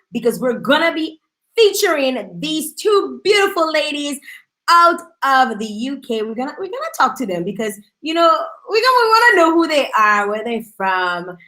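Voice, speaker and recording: A woman hosting a live-streamed talk show, chatty and lively as she gives shout-outs to viewers. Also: a little high. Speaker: host.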